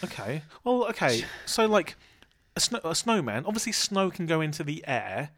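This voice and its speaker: A man's voice: a little high, very animated, normal speed, fairly bright tone, dry recording, studio quality. A man co-hosting a comedy podcast, playfully defending his side with mock seriousness. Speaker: podcast co-host. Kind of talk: casual comedic chat.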